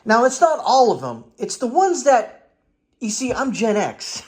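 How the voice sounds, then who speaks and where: A sarcastic man in his forties talks through casual commentary, often mimicking others with whiny put-on voices. His voice sits high, and his pitch swings widely from phrase to phrase. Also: huge pitch swings, a little slow. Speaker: political commentator.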